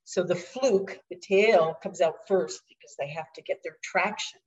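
A woman, a guest and executive coach, telling a personal story in a reflective, unhurried way. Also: lowish voice, recorded from a distance, dull audio. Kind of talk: storytelling in an interview.

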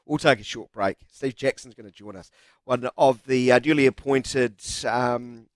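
A man's voice: mid-range voice, moderate pace, no room sound. A man with a New Zealand accent hosting a sports radio show, chatty and upbeat, reading sponsor lines. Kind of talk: casual radio chat.

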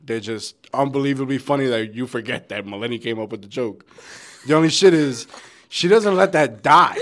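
A man's voice: mid-range voice, moderate pace, fairly bright tone. A man who produces and co-hosts a podcast, teasing his friends in playful casual chat.

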